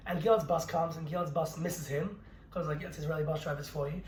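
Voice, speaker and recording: A young man rattles through a story at high speed in a slightly raised voice, swearing and laughing as he goes. He co-hosts a casual podcast, and the room gives his voice a noticeable echo with a little background noise. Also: fairly even intonation, brisk, darkish tone. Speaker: podcast co-host. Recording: roomy echo with faint noise.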